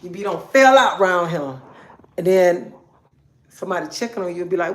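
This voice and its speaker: A woman's voice: on the low side, moderate pace. A woman hosting a casual livestream, talking in a bossy, scolding way, repeating herself and checking in with "okay?". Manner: bossy, repetitive, scolding, keeps asking okay. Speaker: livestream host.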